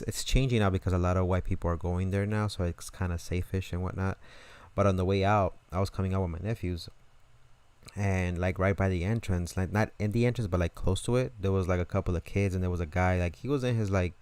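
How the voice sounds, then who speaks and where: A man's voice: low-pitched, a little mellow, clear, resonant tone. A young man hosting a reaction channel, telling stories casually and animatedly, full of fillers and swearing. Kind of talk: casual storytelling.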